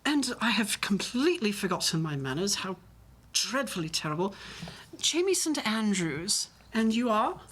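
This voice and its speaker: A woman playing a courtly vampire with a put-on posh West End English accent, smooth and flattering. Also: medium pitch, normal speed. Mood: charming.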